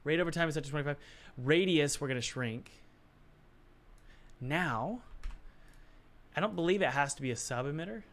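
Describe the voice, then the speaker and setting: A man's voice: on the high side, moderate pace, pauses often, fairly bright tone. A man who develops games, thinking aloud to himself as he works, puzzled and muttering with sighs. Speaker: game developer. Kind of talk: thinking aloud while working.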